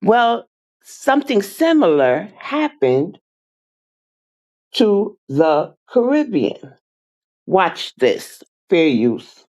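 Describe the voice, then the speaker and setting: A livestream host talking slowly, sounding weary and indignant. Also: mid-range voice, very animated, darkish tone, rough recording. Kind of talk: livestream talk.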